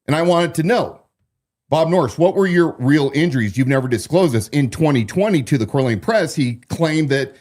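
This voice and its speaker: A man's voice: fairly high pitch, lively intonation, normal speed, darkish tone. A man giving casual political commentary as a podcast co-host, talking loosely with frequent restarts. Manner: conversational, many restarts and repeats.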